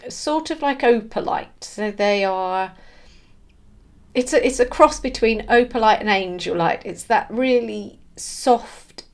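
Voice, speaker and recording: A woman giving an earnest, emotional spiritual monologue, halting and restarting as she searches for words. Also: medium pitch, darkish tone. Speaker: spiritual vlogger.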